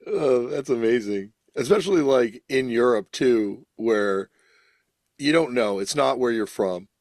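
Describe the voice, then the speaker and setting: A man hosting a podcast, chatting excitedly and jumping in with his own story. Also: mid-range voice, a little slow, no room sound. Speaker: podcast host. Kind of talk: casual chat.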